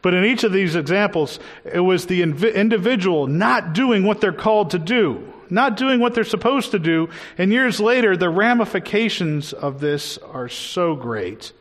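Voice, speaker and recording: A man's voice: high voice, expressive. Preacher man in a reverberant hall. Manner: earnest, slows down to stress key words. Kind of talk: sermon.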